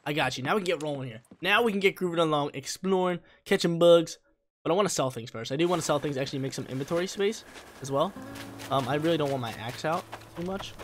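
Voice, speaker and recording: A young man hosting a gaming channel, giving excitable, slangy, chatty commentary while he plays. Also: fairly high pitch, quick pace, slight background noise. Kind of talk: casual gameplay commentary. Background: faint game music.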